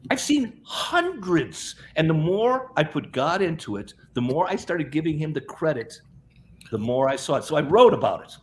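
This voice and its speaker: With a fairly high, sing-song voice at a moderate pace, a middle-aged man guests on an interview as a health practitioner. He meanders through a lengthy story, repeating words and voicing other people's quotes himself, over a faint hiss or hum.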